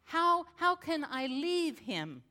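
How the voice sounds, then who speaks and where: A frightened, trapped young woman, as a woman pastor voices her in a sermon, pleads in a raised, anxious voice. Her slow, halting questions ring out with a long reverb through a large hall. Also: high-pitched, very animated, sharp tone, pitched above the performer's own voice, heavily acted. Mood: pleading.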